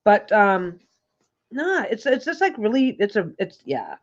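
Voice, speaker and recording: A woman's voice: medium pitch, big pitch swings, measured pace. A woman hosting a casual livestream chat from her couch at home, rambling and restarting her sentences often. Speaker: host. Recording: dull lo-fi recording.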